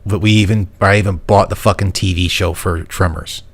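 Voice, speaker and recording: Gravelly low-voiced man hosting a chat. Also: fairly even intonation, a little fast. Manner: blunt, swears casually. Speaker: podcast host. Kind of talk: casual chat.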